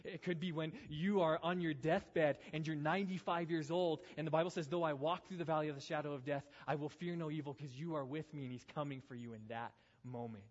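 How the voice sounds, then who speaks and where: A man's voice: fairly high pitch, fairly even intonation, brisk, hardly any pauses. A man preaching a sermon as pastor, emphatic, with repeated phrases and rhetorical questions. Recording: dull sound with long reverb in a hall.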